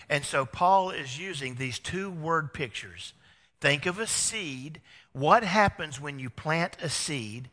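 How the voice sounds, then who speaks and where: A man preaching a sermon as pastor, telling stories with acted-out dialogue and swinging between loud outbursts and hushed confession. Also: mid-range voice. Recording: echoey hall.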